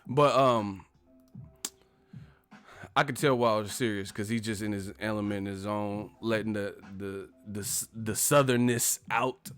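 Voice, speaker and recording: A man's voice: on the low side, steady tone, a little slow, fairly bright tone, smooth. A man chatting casually on a live stream, laughing often, swearing and slipping into impressions of others. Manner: laughs often, profane, slangy, imitates others. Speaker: commentator.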